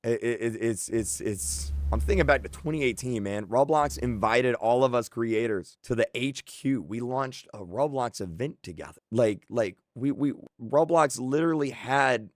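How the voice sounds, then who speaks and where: A man's voice: mid-range voice, expressive, moderate pace, hardly any pauses, no room sound, clean studio sound. A young man who creates content, ranting emotionally and frustrated, stumbling over his words and repeating himself. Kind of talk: emotional on-camera rant.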